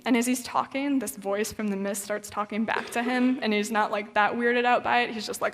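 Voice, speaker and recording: Earnest woman guest speaker, warm-hearted faith talk, recorded in a reverberant hall. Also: on the high side, steady tone, moderate pace, hardly any pauses. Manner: earnest, encouraging, casually conversational. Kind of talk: inspirational faith talk with a read-aloud story. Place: event hall. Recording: long reverb of a large hall.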